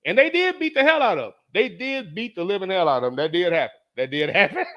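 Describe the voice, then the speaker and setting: Profane storytelling man, animated. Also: high voice, quick pace. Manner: animated, profane, repeats lines for emphasis. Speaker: podcast host. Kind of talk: casual storytelling monologue.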